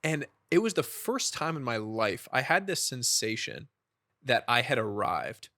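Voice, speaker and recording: A man in his thirties speaking as an author guest on a podcast, telling stories earnestly and with animation. His voice is bright and forceful, and the recording is dry and close. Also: mid-range voice, very animated, unhurried, dry recording. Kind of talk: conversational storytelling.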